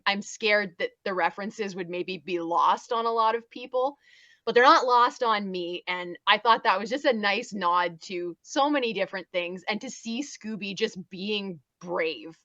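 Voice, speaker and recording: A woman's voice: bright, forceful tone, no echo, highs cut off. A woman on a fan podcast panel, talking enthusiastically and acting out cartoon lines. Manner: enthusiastic, acts out cartoon lines in higher voices. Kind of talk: casual podcast chat.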